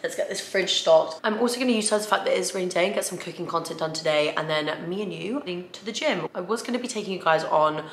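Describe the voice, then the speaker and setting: Chatty young woman, slightly raspy. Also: lowish voice, fast, hardly any pauses, a little hiss or hum. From England. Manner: chatty, filler-heavy, emotional and choked up at times. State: tired. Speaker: fitness vlogger. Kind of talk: casual chatty vlog. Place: home room, indoors. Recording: echoey room.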